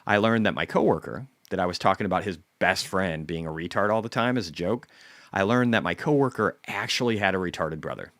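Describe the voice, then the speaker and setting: A man with a very deep, low-pitched voice hosts a casual live trading stream. He is blunt and profane, drops to muttered asides and then bursts out loud. The sound is dry and close, with no room echo. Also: a little fast. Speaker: stock market livestream host.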